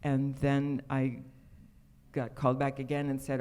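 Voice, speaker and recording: Man recalling his casting, halting. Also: medium pitch, monotone, a little mellow, clear, resonant tone. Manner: halting, many restarts and fillers. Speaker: actor guest at convention panel. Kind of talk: casual recollection. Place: convention hall.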